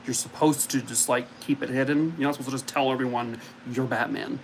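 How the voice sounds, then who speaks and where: A man's voice: mid-range voice, steady tone, a little fast, a little hiss or hum, rough recording. A man hosting a casual live stream from home, chatting and cooing at his dog. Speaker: streamer host.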